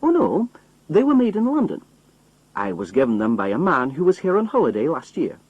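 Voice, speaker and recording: A man voicing a fugitive who fakes a strong Scottish accent and plays a simple roadman, folksy and a bit husky. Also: a little high, huge pitch swings, fairly quick, darkish tone, dry recording, highs cut off, pitched above the performer's own voice, full character voice.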